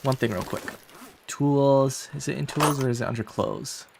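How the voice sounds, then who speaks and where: An American streamer playing a survival game gives casual, chatty livestream commentary, swearing and talking back to his chat. His medium-pitched voice is creaky at a moderate pace, with steady background noise behind him.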